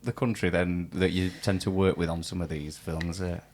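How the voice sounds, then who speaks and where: A man's voice: sits low, steady tone, normal speed, darkish tone. A man with a Barnsley accent hosting a casual interview, joking at his own expense. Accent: Barnsley, South Yorkshire. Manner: self-mocking, jokey. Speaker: podcast host.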